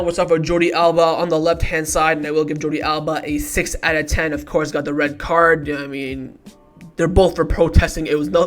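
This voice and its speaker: A man hosting a football match review vlog, heated and ranting, swearing often as he rates the team. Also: a little high. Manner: shifts from calm rating talk to loud outbursts. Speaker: football fan channel host.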